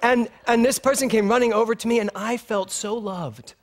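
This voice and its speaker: A man's voice: extremely high pitch, moderate pace. A middle-aged male minister giving a sermon at a spiritual center, telling a personal story with laughter and acted-out dialogue. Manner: animated storytelling, laughing often, acting out dialogue.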